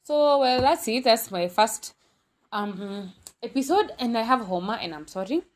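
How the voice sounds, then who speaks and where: A woman's voice: a little high, lively intonation, unhurried. A young woman with a Kenyan accent hosting her own podcast, talking candidly in a rambling, casual monologue full of fillers and self-corrections. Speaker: podcast host.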